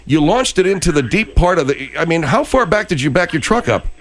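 A male radio host bantering in a comedy segment, pushing with exasperated questions. His voice is high and lively, with a wide pitch range. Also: fairly quick.

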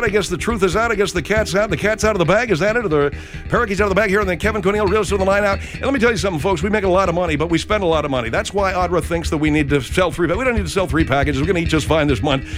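A man hosts a comedy radio sketch in a whiny, flustered voice. His pitch sits about middle for a man, and his talk is hurried. Faint music plays behind him. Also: fairly bright tone. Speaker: host.

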